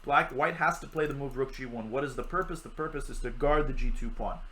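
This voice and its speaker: A man's voice: medium pitch, fairly quick, fairly bright tone, a little hiss or hum, poor audio. A young man giving live chess commentary on a stream, chatty and joking with his chat while he teaches.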